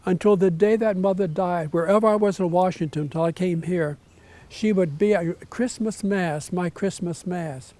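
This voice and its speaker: An older man with a high yet mellow voice tells a story in a gentle, unhurried way, pausing and hesitating often. He speaks as a retired bishop recalling a memory. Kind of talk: reflective storytelling.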